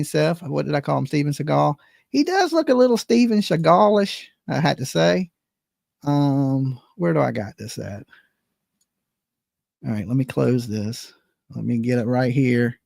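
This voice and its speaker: Profane, high-voiced man ranting. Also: vocal fry, no echo, clean studio sound. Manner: profane, blunt, talks straight to viewers. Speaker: livestream commentary host. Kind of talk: ranting live commentary.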